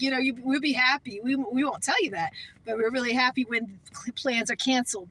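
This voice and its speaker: A woman's voice: a little high, bright, forceful tone, rough recording. A woman vlogger talking in a casual, rambling way, full of "you know" and "like.". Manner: rambling, chatty, heavy on fillers like "you know". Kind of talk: casual vlog chat.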